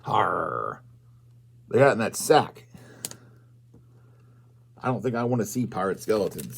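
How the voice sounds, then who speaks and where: A man reading a picture book aloud to young children at storytime, asking them questions and bursting into loud exclamations. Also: lowish voice, slightly rough.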